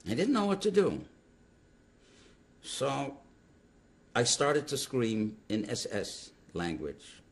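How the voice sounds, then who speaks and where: An older man, a Holocaust survivor, recounting his memories to an interviewer in emphatic, animated storytelling. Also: mid-range voice, slow pace, pauses often. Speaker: Holocaust survivor giving testimony.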